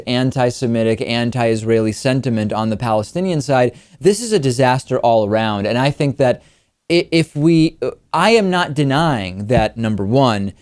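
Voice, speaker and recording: A man's voice: mid-range voice, a little mellow, no room sound, studio quality. A man hosting a political talk show, giving emphatic, argumentative news commentary. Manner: emphatic, argumentative, quickens when pressing a point.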